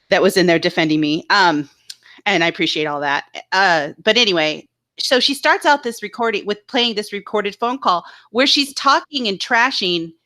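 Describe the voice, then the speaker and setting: A woman co-hosting a casual live stream, telling a story in an animated, indignant way. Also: on the low side. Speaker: co-host.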